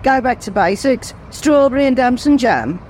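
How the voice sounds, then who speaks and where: A woman's voice: on the high side, animated, normal speed, a little mellow, a little hiss or hum, lightly acted. A woman voicing an indignant, bigoted older village woman who rants in outrage. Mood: outraged. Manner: ranting, outraged.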